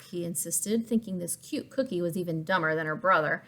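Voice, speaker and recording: A woman reading a picture book aloud to children, pausing to ask questions and explain words. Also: lowish voice. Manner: expressive, asks listeners questions, explains words. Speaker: story reader for children.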